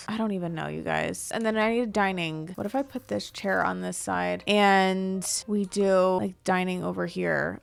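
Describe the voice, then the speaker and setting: A woman's voice: medium pitch, gravelly. A young woman giving casual commentary while she builds a house in a life-sim game, thinking aloud in a chatty, playful way. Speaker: Sims building creator.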